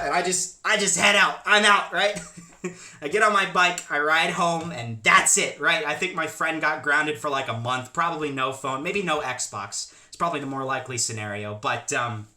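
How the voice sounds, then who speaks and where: A man's voice: fairly high pitch, normal speed, slight background noise. A young man telling a storytime vlog in a chatty way, full of asides. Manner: animated, chatty, many asides. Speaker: YouTube storyteller. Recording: echoey room.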